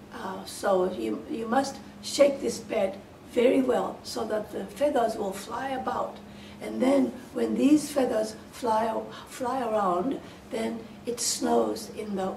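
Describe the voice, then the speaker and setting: Lady retelling a fairy tale for english learners, lots of uhs, highish voice, echoey room far from the mic. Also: vocal fry, darkish tone. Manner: hesitant, many fillers and restarts, simple words. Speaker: storyteller. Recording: roomy, distant mic, faint hiss.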